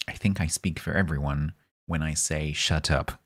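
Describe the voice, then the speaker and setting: Man, game streamer, very low voice, husky, casual joking chat with viewers. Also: steady tone, normal speed. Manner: chatty and joking, talks back to chat.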